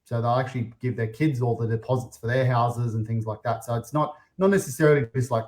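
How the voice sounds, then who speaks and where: A chatty Australian man hosts a casual podcast. His voice sits at an ordinary middle pitch, and he slips into quoting what other people say. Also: quick pace, darkish tone. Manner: chatty, acts out clients' voices. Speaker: podcast host, property investor.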